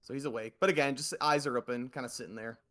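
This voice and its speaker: A man's voice: mid-range voice, steady tone, quick pace, fairly bright tone. A man narrating a tabletop game as game master in a rambling, laid-back way.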